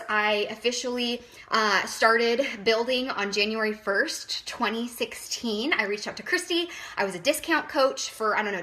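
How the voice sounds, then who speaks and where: A woman's voice: fairly high pitch, bright, forceful tone. A woman in her thirties, a wellness business coach, talking casually and emotionally on a live stream, nervous and chatty with lots of fillers.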